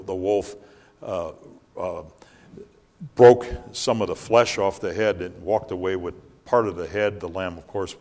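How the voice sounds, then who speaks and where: An older man preaching a sermon, swelling louder and higher on key lines as he tells stories to the congregation. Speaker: pastor. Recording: long hall reverb.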